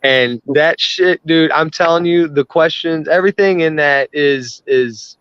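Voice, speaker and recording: Brief: fired-up man cursing through a casual chat, slightly high voice, dead-dry room. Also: measured pace, fairly bright tone, clean tone, no echo. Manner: profane, worked-up ranting. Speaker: podcast host. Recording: dry, dull lo-fi sound.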